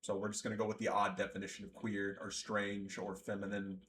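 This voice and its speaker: A young man giving sarcastic, ranting gameplay commentary, jumping from yelling outbursts to low mumbling. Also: monotone, a little fast.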